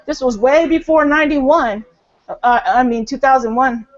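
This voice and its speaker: A woman's voice: high-pitched, moderate pace. A woman ranting in a casual, rambling way on a group call, with lots of fillers and restarts. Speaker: caller in a group voice chat. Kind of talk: casual conspiracy rant. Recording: dull lo-fi online call audio.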